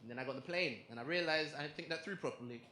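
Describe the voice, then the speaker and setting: Here a young adult comic tells a story very fast in a slightly high voice, bringing it to life by performing everyone else's quotes. Laughter from the crowd fills this spacious recording of his set at a comedy club.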